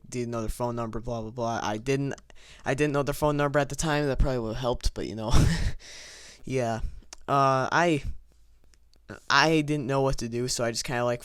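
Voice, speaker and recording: A man's voice: mid-range voice, clean tone, no echo, clean studio sound. A young man casually telling a rambling, self-mocking story with frequent stammers and restarts, recorded over gameplay. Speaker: vlogger telling a childhood story.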